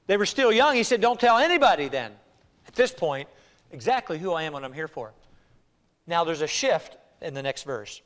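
A man preaching an expository sermon as pastor, animated and acting out the voices of people he quotes. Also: fairly high pitch, normal speed. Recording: long hall reverb.

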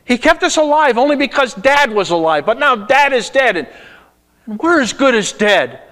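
A man's voice: very high voice, very animated, normal speed, a bit bright, long reverb tail, pitched above the performer's own voice, exaggerated voice. A man voicing frightened grown brothers pleading for their lives, frantic and raised. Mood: panicked. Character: terrified grown brothers begging, panicked male voices.

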